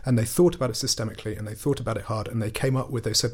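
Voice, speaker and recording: A man's voice: mid-range voice, fairly even intonation, very fast, hardly any pauses, husky. A man who is a guest on a political podcast explains his views in an earnest, emphatic way.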